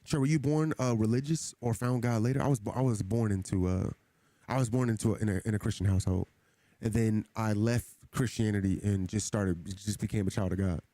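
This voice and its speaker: A man's voice: fairly low pitch, steady tone, a little fast, dark tone, no room sound. A man streaming a game who talks casually to his chat in an earnest, preachy way, often repeating himself. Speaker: gaming streamer. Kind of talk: casual livestream talk to chat.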